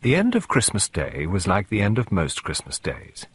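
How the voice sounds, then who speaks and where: Husky male audiobook narrator. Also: fairly low pitch, wildly swooping pitch, moderate pace. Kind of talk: scripted narration.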